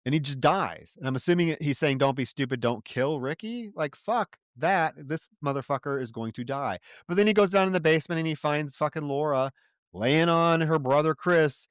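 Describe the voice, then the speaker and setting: A man's voice: fairly high pitch, moderate pace, smooth, no room sound, studio quality. A man co-hosting a film review podcast, swearing freely and sounding exasperated as he recounts scenes. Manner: profane, exasperated, mocks characters' lines. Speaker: podcast co-host. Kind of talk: casual film review chat.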